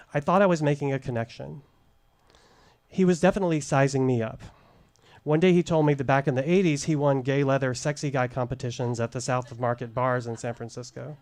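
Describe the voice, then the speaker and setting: A middle-aged man telling a candid personal story at a live showcase, deliberate and wry, into a stage microphone. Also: mid-range voice, darkish tone. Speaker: storyteller, former case manager.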